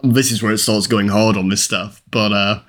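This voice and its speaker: A man's voice: lowish voice, fairly even intonation, normal speed, a bit bright. A man co-hosting a casual film-review podcast, chatting in an easygoing, agreeable way. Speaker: podcast co-host.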